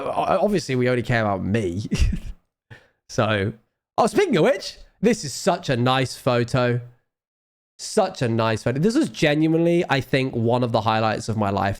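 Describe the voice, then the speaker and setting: A man chats on a live stream in a loose, rambling way, often trailing off and poking fun at himself. He is ill and drained, and his voice sits at an ordinary mid pitch. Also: big pitch swings, moderate pace. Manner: rambling, self-mocking, trailing off. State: ill, low on energy. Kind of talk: casual chat.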